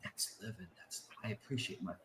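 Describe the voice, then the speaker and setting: A man's voice: lowish voice, fairly quick, crowd noise. A man in casual chat, telling profane, rambling stories and acting out quoted voices. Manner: animated, acts out quoted voices. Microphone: remote stream call mic. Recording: roomy echo.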